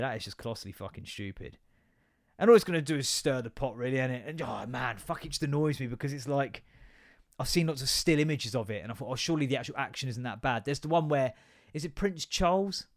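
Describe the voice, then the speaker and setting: A man hosting a podcast, ranting in casual chat, sweary, sarcastic and exasperated. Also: mid-range voice. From England. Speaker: podcast host.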